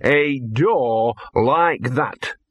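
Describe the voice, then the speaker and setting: A man voicing Gaspode, a grumbling husky dog. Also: mid-range voice, extremely slow, a bit bright, no room sound, clean studio sound. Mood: ominous. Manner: blunt, slangy and grumbling. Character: streetwise talking mongrel dog, gloomy and sardonic.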